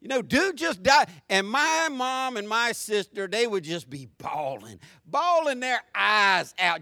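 High-voiced, bright preacher man. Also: slow pace, no room sound, studio quality. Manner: storytelling preacher, shifting between loud animated asides and soft, low reflection. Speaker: pastor. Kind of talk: sermon.

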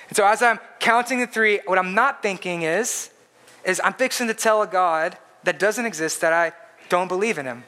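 A man's voice: high voice, moderate pace, sharp tone. A man preaching a sermon in an earnest, emphatic way, repeating his points for stress. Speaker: pastor.

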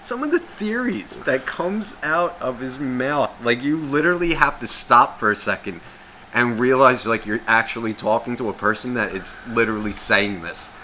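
A man's voice: mid-range voice, expressive, normal speed, pushed and bright, a little hiss or hum. A man co-hosting a casual podcast, swearing freely and rambling through his stories. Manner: profane, loose and rambling. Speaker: podcast co-host.

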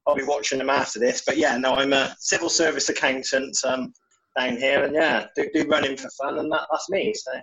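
A man's voice: medium pitch, level tone, fairly quick, fairly bright tone, muffled recording. A man from England playing in a casual quiz, friendly and hesitant, with frequent fillers. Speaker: quiz contestant. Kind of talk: casual chat.

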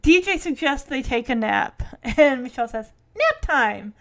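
A woman with a high, light voice recaps a sitcom episode in a casual chat. She talks loosely, laughs easily and slips into little bits of acting as she retells the scenes. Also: animated, normal speed. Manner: chatty, laughs often, acts out lines from the scenes.

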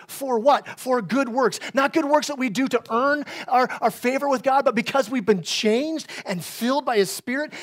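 A male pastor with a high-sitting voice gives a conversational sermon. He sprinkles in "right?" and swings from loud, forceful outbursts to soft asides.

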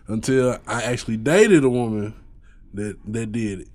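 A man co-hosting a casual podcast, who drops low and quiet when telling a story. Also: big pitch swings, a little fast, dry recording. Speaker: podcast co-host.

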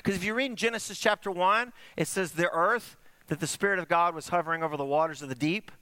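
Male pastor, sermon delivery, lively storyteller, fairly high bright voice. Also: fast talker, clear, resonant tone, no room sound. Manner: animated storytelling, swooping between high and hushed.

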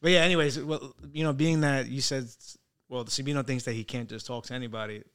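A man co-hosting a podcast in casual chat, telling stories in a relaxed way with chuckles. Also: medium pitch, clear, resonant tone. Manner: rapid, relaxed storytelling with chuckles. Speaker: podcast co-host.

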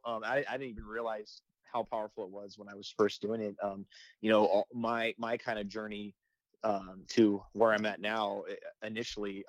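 A man's voice: on the low side, no echo, low-quality recording. A man who works as a firefighter and makes comedy videos, telling a story in a casual interview, with lots of fillers and restarts. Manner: rambling, many restarts and fillers.

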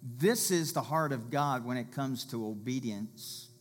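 A man preaching a sermon in a conversational way, telling stories and rising to loud calls. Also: mid-range voice, a little slow. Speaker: pastor.

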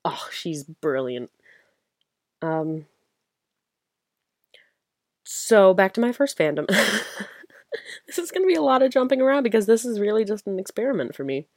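A woman's voice: medium pitch, sing-song, unhurried, pauses often, a little mellow, no echo, clean studio sound. A young woman hosting her own podcast, chatting casually and rambling with giggles and enthusiasm, tired late at night. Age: young adult. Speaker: podcast host. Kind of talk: casual solo fan chat.

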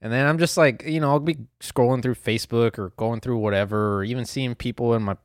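A man's voice: medium pitch, a little fast, no echo, studio quality. Profane, rambling young man on a podcast. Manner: profane, rambling, laughs at himself. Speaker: podcast host. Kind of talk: solo casual podcast rant.

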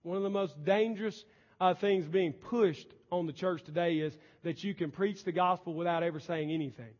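A man preaching a sermon in a high voice, pressing his points hard and then dropping his volume low. The sound is dull and lo-fi, with a long reverb trailing through the church sanctuary. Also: normal speed. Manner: emphatic preaching, swinging between loud and soft. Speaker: pastor.

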